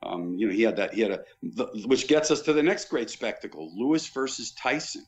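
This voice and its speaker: A man's voice: medium pitch, fairly quick. A man who was a boxing pay-per-view executive, guesting on a podcast and telling vivid stories about his past. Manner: animated raconteur, vivid recollections. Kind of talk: anecdotal storytelling in casual chat.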